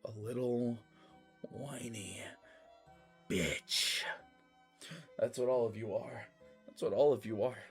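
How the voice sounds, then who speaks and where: A streamer putting on an arrogant wrestling heel who sneers at the audience in a slow, drawn-out way. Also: mid-range voice, steady tone, soft background music, voice pushed down. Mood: mocking.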